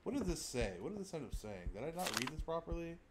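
A young man giving excitable live commentary while he plays a game, laughing and shouting as he reacts. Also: fairly high pitch, fast talker, noisy background. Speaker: streamer.

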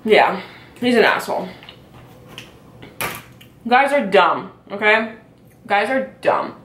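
Young woman vlogger, exasperated chatty rant over food, mid pitch, roomy echo. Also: expressive, takes it slowly, a bit bright, slight background noise. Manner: chatty, exasperated, lots of "like" fillers; talking while eating and chewing. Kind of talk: casual mukbang rant. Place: home, at a dining table. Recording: echoey room.

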